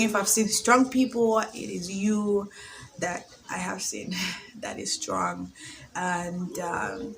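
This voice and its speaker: A woman's voice: medium pitch, vocal fry, a little hiss or hum. A young woman from Zambia talking in a casual confessional vlog, chatty and emotional, often laughing and filling her talk with "like". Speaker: vlogger.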